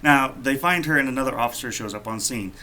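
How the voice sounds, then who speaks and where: A man's voice: mid-range voice, fast, bright, forceful tone, a little hiss or hum. A man co-hosting a podcast, casually telling a rambling, profane story. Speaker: podcast co-host.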